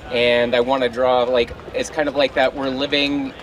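A man at a workshop who earnestly describes his costume concept and sometimes pauses to find the right word. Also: medium pitch, level tone, fairly bright tone. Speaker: workshop participant. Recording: distant mic with outdoor noise.

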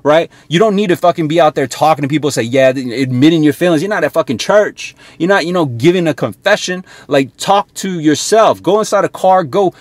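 A man delivers a fiery motivational rant in a voice pitched a bit above most men's. He curses constantly and keeps checking in with his listener. The sound is close and dry, with no room echo. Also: a little fast, hardly any pauses. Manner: blunt, heavily profane, keeps checking in with "right?". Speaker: motivational sales coach. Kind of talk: profane motivational rant to camera.

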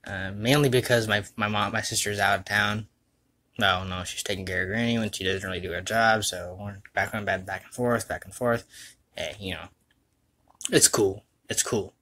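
A young man rambling through a casual livestream chat, self-mocking and quick to laugh, recorded at home on a computer mic. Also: on the low side, steady tone, sharp tone. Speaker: vlogger and voice dubber.

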